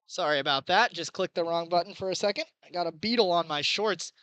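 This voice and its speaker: Bright excitable young man calling baseball. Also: high-pitched, a little fast, no room sound, rough recording. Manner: chatty, excitable, rises on big plays. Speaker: play-by-play announcer. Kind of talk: baseball play-by-play commentary.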